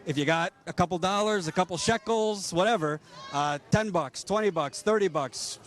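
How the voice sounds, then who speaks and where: A man reporting outdoors at a protest, speaking in an impassioned, rapid-fire rant full of rhetorical questions. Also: sits high. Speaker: political reporter. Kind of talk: street commentary at a protest.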